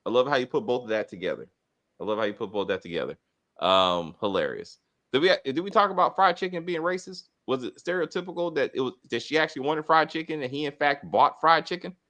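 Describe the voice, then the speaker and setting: A middle-aged man hosts a casual TV review chat, rambling and swearing in an animated way. His voice is mid-range and fast.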